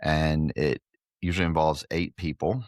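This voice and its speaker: A middle-aged man with a very low, deep voice, chatting easily as a podcast guest and poking fun at himself. He grew up in Guatemala. His voice sits close and dry, with no room sound. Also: steady tone, normal speed, dry recording. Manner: jokey, self-deprecating storyteller. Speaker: podcast guest, pickleball club owner. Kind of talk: casual interview chat.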